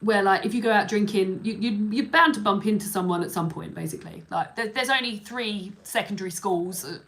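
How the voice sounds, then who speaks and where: A woman's voice: medium pitch, brisk, fairly bright tone. A young woman telling a story to a live audience in a rambling, chatty way, full of fillers and restarts. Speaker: livestream host.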